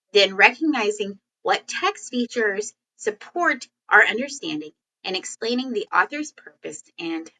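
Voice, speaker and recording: A woman teacher giving a classroom lesson in a chatty, animated way, acting out example sentences. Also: medium pitch, rough recording.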